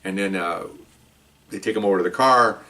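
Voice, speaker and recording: Older ex-cop, fast and lively. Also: male voice. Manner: animated, jumps up in pitch when acting out dialogue. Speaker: retired police officer. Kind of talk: casual storytelling. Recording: voice picked up from a distance.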